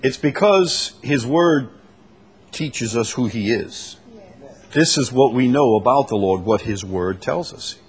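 A man's voice: mid-range voice, a little slow. A man leading a church Bible study, preaching emphatically with repeated phrases and rhetorical questions.

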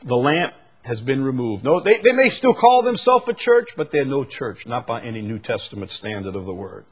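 A middle-aged male preacher giving a sermon, shifting from quiet musing to loud, emphatic outbursts. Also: medium pitch, very animated, normal speed, husky.

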